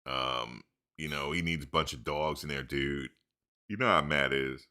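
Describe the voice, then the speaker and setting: Deep-voiced, bright, slangy man riffing. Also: a little slow, smooth. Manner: loose and animated, peppered with "dude" and slang, laughs often. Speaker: live stream host. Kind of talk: casual live chat commentary.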